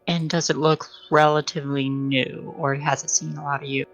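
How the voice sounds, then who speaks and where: A woman's voice: low voice, level tone, moderate pace, lo-fi sound, faint music behind. A woman playing a tabletop role-playing game, asking questions and thinking aloud about clues. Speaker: player. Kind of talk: casual tabletop game chat.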